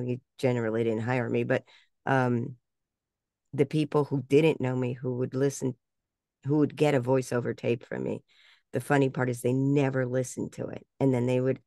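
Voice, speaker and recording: An older woman tells stories with real animation, laughing often and dropping into quick impressions of other people. Her voice has a gravelly, creaky texture. The sound is dry and close, as on a video call. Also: a bass voice, darkish tone, no echo. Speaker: guest speaker and voice actress. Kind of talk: storytelling in a casual interview.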